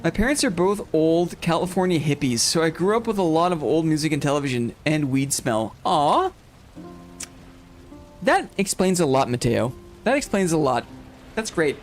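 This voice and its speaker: Male streamer, high voice, rambling casual chat, laughs a lot. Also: very animated, normal speed, soft background music. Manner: rambling, self-interrupting, laughs often. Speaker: streamer host. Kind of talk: casual chat while gaming, reading chat.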